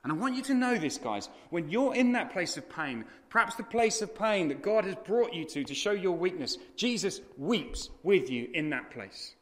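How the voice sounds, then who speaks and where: Animated male preacher in echoey hall. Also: sits high, normal speed, hardly any pauses. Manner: dramatic, animated storytelling. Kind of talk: sermon. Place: conference hall.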